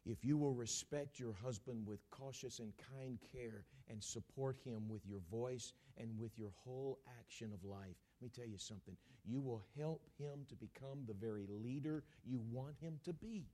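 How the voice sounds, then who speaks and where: A middle-aged pastor preaches dramatically and directly to his audience, swinging from loud, forceful outbursts to hushed near-whispers while repeating and restarting words. His mid-range voice moves at a moderate pace with few pauses.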